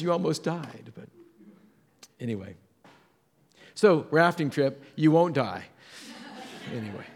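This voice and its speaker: A middle-aged man, a pastor, telling a story in a sermon and jumping his voice up to act out the people in it. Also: normal speed. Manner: animated storytelling, acts out voices with jumps in pitch.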